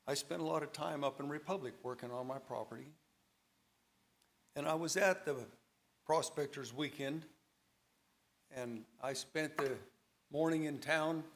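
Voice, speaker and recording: A man telling his personal testimony at a church service, dramatic storytelling with a voice that rises and falls with emotion. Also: a little high. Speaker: church member giving testimony.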